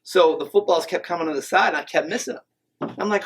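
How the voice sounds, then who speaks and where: This man, a podcast guest, talks fast in a fairly high voice with a breathy edge, and the recording sounds rough. Speaking from a podcast studio, he jokes, mocks himself, and delivers tall tales with a straight face.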